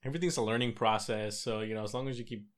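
A young man co-hosting a casual podcast, reflecting in a relaxed way and acting out his own thoughts. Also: lowish voice, racing. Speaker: podcast co-host. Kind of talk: casual chat.

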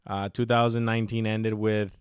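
A man's voice: on the low side, flat delivery, moderate pace, clean tone, no room sound, studio quality. A man chatting casually as a podcast co-host, rambling loosely, swearing freely and acting out his own reactions. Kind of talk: casual chat.

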